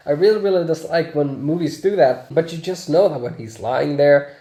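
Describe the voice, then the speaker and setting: A man's voice: a little high, lively intonation, brisk, dark tone, echoey room. A man chatting through a casual movie review, laughing often and swearing freely.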